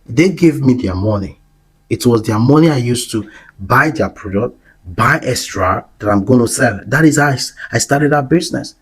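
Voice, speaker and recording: Husky young male host, earnest motivational storyteller, mid-pitched. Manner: earnest, storytelling, repeats phrases. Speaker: business podcast host. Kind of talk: motivational monologue.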